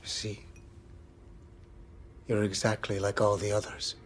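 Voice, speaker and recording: A man plays a low-voiced, cold-blooded killer who speaks softly and taunts without hurry. The clip comes from a film soundtrack with a clear layer of noise beneath the voice. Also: completely flat delivery, measured pace, close to an everyday voice. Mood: coldly taunting. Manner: quiet, coldly taunting. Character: calm menacing male killer, middle-aged.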